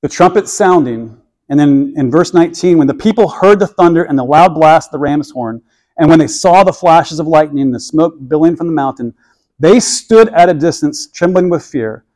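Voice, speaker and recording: A male pastor preaching with an earnest, pleading delivery. His voice sits a little high for a man, and he often stumbles over and repeats words as his point builds. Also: moderate pace, a little mellow. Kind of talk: sermon.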